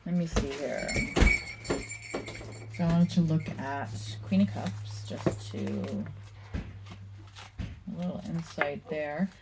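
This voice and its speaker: A woman giving a casual tarot card reading, musing aloud slowly with many pauses and reading card meanings from a book. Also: sits low, vocal fry, heavy background noise. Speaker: tarot reader.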